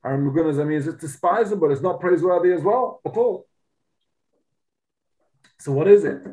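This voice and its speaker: A man's voice: on the high side, normal speed, a little mellow, low-quality recording. Man teaching Talmud. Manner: explains Aramaic text line by line in English, emphatic. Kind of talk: Talmud lesson.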